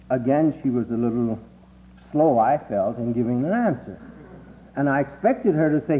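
An older man recalling childhood memories in a halting way, with many filler sounds, lifting his voice when he quotes people. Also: animated. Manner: halting, with frequent 'uh' fillers; acts out quoted voices with rising pitch. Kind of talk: oral history reminiscence. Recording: tinny lo-fi recording with faint hum.

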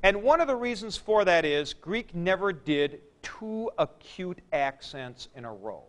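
A man teaching a class, explaining slowly with fillers and "okay?" checks to the students. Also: high-pitched, big pitch swings. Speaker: Greek teacher. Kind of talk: classroom lecture.

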